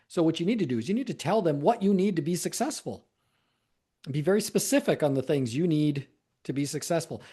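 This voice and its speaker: A man's voice: medium pitch, a little mellow, slightly rough. A man speaking as a sales coach, giving conversational advice in a solo talk, often repeating words and stressing key points.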